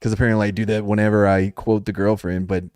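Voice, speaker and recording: A man's voice: lowish voice, little pitch movement, fast talker, darkish tone, dry recording. Male podcast host, young, jokey and rambling, dry close mic. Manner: joking, rambling, laughs often. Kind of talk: casual chat.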